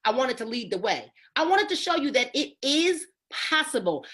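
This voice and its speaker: Woman, upbeat sales trainer on a video call, bright high voice, very animated, calls out names. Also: normal speed. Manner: emphatic, keeps asking "right?" and calling on listeners by name.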